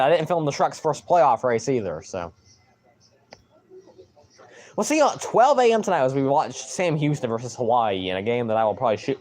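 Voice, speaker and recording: A young man streaming live, rambling excitedly and with mild swearing as he reacts to a football game. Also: mid-range voice.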